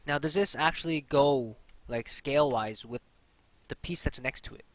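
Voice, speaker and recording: Young man, slightly high voice, casual tutorial host, chatty, repeats himself, lots of ums. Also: lively intonation, a little slow, vocal fry, dry recording, rough recording. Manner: chatty, filler-heavy, repeats key points. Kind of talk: casual screen-recorded tutorial.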